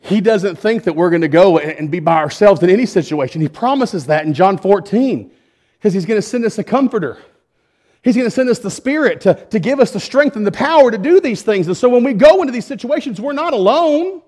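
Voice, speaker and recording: A male preacher telling a story in a sermon. He speaks emphatically and swings between loud and hushed. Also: high voice, expressive, fairly quick.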